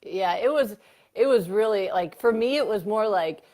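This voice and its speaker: A woman psychiatrist talks as a guest in a relaxed interview. Her voice sits in a middle pitch, and she tells her stories animatedly, full of fillers, swinging up into laughter. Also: moderate pace. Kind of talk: casual interview storytelling.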